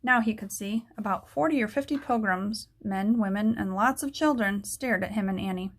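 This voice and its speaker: A woman narrating a children's book aloud in a steady storytelling manner. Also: mid-range voice, normal speed.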